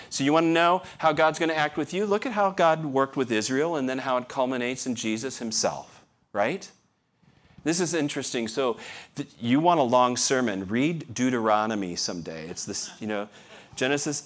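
A man's voice: medium pitch, a little slow. Man preaching a conversational sermon. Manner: conversational, self-deprecating humor, rhetorical questions. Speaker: pastor.

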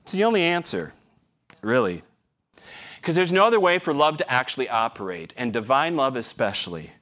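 Middle-aged male pastor, casual sermon, rhetorical questions, wry humor, mid-pitched voice. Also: very animated, fairly quick, a bit bright. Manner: conversational, self-deprecating humor, rhetorical questions.

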